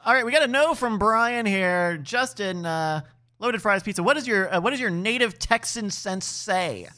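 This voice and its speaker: A man's voice: high-pitched, lively intonation, moderate pace, bright, forceful tone. A man hosting a game on a comedy podcast, announcing the rounds and scores in an upbeat way. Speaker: game show host.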